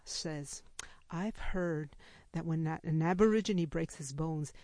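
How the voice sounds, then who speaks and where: Animated woman telling a personal story. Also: lowish voice, dry recording. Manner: animated, laughing, acts out quoted speech. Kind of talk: personal story told to a live audience.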